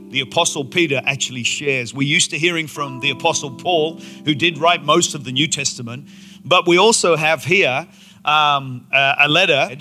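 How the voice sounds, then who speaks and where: Male pastor, lively storytelling sermon, sharp bright timbre, faint guitar behind. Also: fairly high pitch. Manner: animated, enthusiastic storytelling with playful asides. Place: church auditorium before a congregation.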